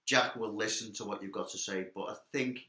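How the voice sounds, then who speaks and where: Man, guest, dry joking asides, bright voice, echoey room. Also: fairly low pitch, steady tone, fairly quick. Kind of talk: casual chat.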